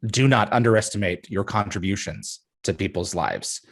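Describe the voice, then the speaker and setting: A man's voice: lowish voice, moderate pace, vocal fry. A man hosting a video-call interview, speaking earnestly and thanking his guests. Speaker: host.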